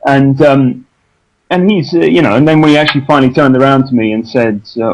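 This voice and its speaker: A man's voice: mid-range voice, a little fast, slight background noise, rough recording. A man with an English accent, an actor chatting as an interview guest, self-deprecating and prone to restarts. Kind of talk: casual interview chat.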